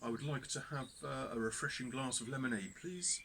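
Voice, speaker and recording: A man's voice: mid-range voice, fairly quick, sharp tone, slight background noise. A man voicing a polite, thirsty piece of string in a told joke, asking nicely. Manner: politely timid, asks nicely.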